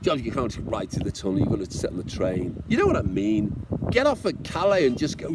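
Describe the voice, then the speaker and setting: A chatty British man, speaking at a middle pitch, vlogging outdoors about riding his motorbike across countries. He talks to the viewer in a warm, encouraging way and mocks himself with the odd joke. The faint hum of traffic and street sounds sits behind his voice. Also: huge pitch swings, fairly quick. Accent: British English. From Britain. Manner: chatty, encouraging, self-mocking, jokingly tearful. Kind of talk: casual chat to camera.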